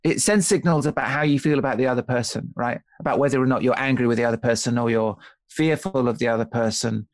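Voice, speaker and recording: A man's voice: medium pitch, fairly even intonation, fast talker, no echo. A man being interviewed as an author on a podcast, explaining ideas thoughtfully with frequent restarts and checking in with "right?". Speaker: author and guest.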